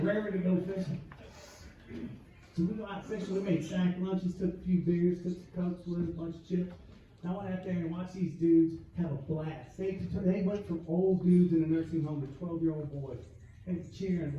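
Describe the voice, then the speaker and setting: A man's voice: on the high side, warm tone, recorded from a distance, dull audio, slight background noise. A man telling crude stories on stage, laughing at his own jokes. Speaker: stand-up comedian. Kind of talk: stand-up storytelling. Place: live comedy club. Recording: echoey club heard from afar.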